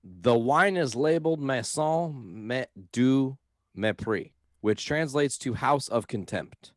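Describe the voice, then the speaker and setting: A man co-hosting a podcast in casual chat, easygoing and quick to laugh. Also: mid-range voice, lively intonation, no echo, studio quality. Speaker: podcast co-host.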